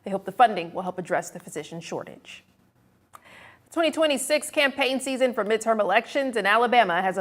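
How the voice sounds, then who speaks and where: Steady female TV news anchor. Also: mid-range voice. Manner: clear, even newsreader delivery. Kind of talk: TV news reading.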